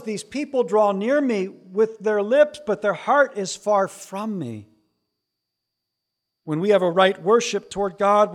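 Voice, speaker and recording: A middle-aged man preaching a sermon as pastor, swinging between hushed asides and loud, emphatic lines. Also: high voice.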